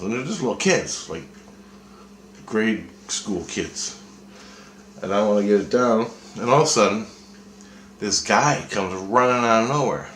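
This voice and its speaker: A man's voice: deep voice, a bit bright. A man casually retelling a dream, rambling and cursing, with frequent restarts. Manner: rambling, profane, restarts often. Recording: echoey room, faint noise.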